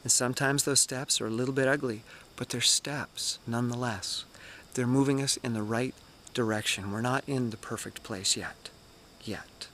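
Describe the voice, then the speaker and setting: A man in his forties giving a candid, energetic motivational vlog talk outdoors in the woods. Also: mid-range voice, creaky, slight background noise. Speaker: running vlogger.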